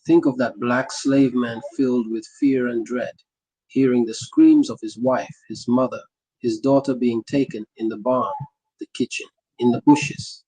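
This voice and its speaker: A man's voice: medium pitch, fairly even intonation, unhurried, warm tone, slightly rough, dry recording, poor audio. A man narrating a memoir in the first person, breaking into impassioned sermon-style speeches with rhythmic, repeated phrases.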